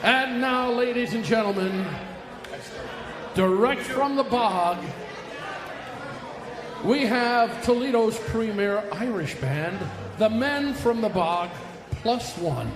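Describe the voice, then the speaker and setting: A man's voice: very high-pitched, expressive, slow pace, long pauses, crowd noise. A man emceeing a live music night on a brewery stage, with folksy, joking stage patter. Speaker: bandleader and emcee. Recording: roomy live room with band music.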